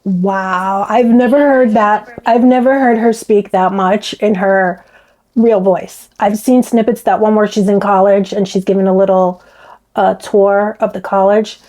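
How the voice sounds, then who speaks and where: A woman's voice: medium pitch, steady tone, a little slow, a little mellow. A woman with a faint Bronx accent, rambling through casual commentary with many restarts. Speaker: commentary vlogger.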